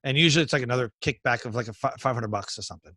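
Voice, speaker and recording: A man who coaches public speakers, talking in a casual interview in an energetic, storytelling way. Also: medium pitch, racing, no room sound. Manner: energetic, storytelling, acts out quoted dialogue.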